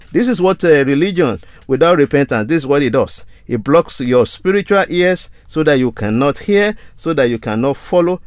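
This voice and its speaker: A man's voice: fairly high pitch, no echo, studio quality. A man preaching a sermon in an earnest tone, reading scripture aloud and repeating key phrases for emphasis.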